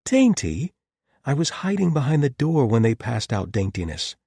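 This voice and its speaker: A man's voice: mid-range voice, animated, moderate pace, darkish tone, dry recording, clean studio sound, pitched above the performer's own voice, close to an everyday voice. A man doing a wry, teasing nun. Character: tall, blunt, good-humored woman lay sister.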